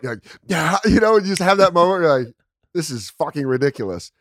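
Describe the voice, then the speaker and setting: A man's voice: a little high, animated, quick pace, no echo, studio quality. A man hosting a comedy podcast, talking crudely and acting out quotes in silly voices. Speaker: podcast host. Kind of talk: casual comedy chat.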